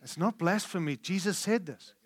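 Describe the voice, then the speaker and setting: Guy preaching, pretty high voice, goes loud then real quiet, candid and chatty. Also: moderate pace, no room sound. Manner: emphatic, shifting between loud and hushed; candid and conversational. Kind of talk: conference sermon.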